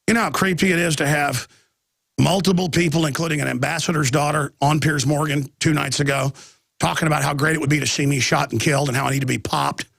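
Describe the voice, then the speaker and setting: A man's voice: fairly high pitch, fairly even intonation, quick pace, creaky, fairly bright tone, no room sound, clean studio sound. A man hosting a talk radio show, rambling and agitated with many restarts, talking through a chest cold with coughing.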